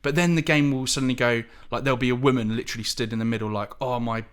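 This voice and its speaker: Man, podcast co-host, casual, animated storytelling, mid-pitched voice. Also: very fast, clean tone. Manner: animated storyteller, acts out quoted lines. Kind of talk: casual chat.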